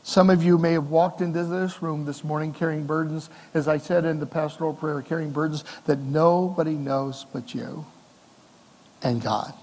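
A middle-aged male pastor preaching a sermon in a church, talking conversationally with rhetorical questions and swings between soft and emphatic delivery. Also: fairly high pitch, steady tone, normal speed, long reverb tail. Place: church sanctuary.

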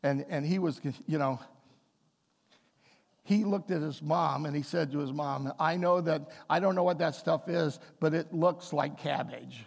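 A man's voice: on the high side, measured pace, vocal fry. A man preaching a sermon as a pastor, telling a family story and then building to emphatic appeals. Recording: long hall reverb.

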